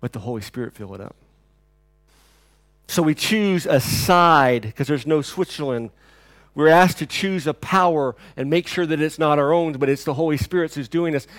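A pastor delivering a sermon, swinging between loud declarations and quiet, intense passages. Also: male voice, a little high, moderate pace, no echo, clean studio sound.

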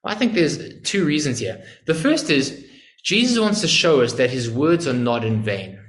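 A man's voice: medium pitch, sing-song, normal speed. A male preacher giving an earnest sermon, explaining a passage and asking emphatic rhetorical questions. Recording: echoey room.

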